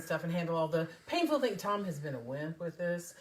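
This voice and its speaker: A middle-aged woman hosting a casual live stream, chatty and upbeat, a little hoarse while getting over an illness. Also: fairly low pitch, lively intonation, a little fast, hardly any pauses, a little hiss or hum. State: recovering from covid, slightly hoarse. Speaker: host of a live paint demo.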